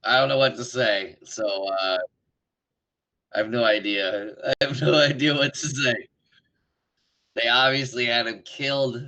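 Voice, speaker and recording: A man's voice: medium pitch, fairly even intonation, unhurried, pauses often, sharp tone, low-quality recording. A man co-hosting a casual podcast, teasing and wry, laughing along with his partner. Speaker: podcast co-host.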